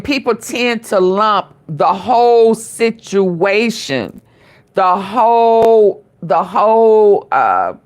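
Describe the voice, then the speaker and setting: A woman hosting her own show, casually commenting on a trial and reacting to a clip, often hesitating and repeating words. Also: mid-range voice.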